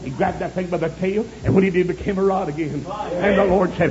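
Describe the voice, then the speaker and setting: Fervent male preacher, high voice, lo-fi church recording with congregation. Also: fast talker, background noise. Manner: fervent, shouts praise, folksy storytelling. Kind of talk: sermon.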